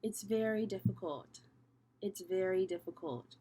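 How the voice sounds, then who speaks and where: Animated young woman giving a tarot reading. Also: medium pitch, normal speed. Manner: animated, swearing, laughing often, swings from loud to soft. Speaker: tarot reader. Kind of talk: casual tarot reading to camera.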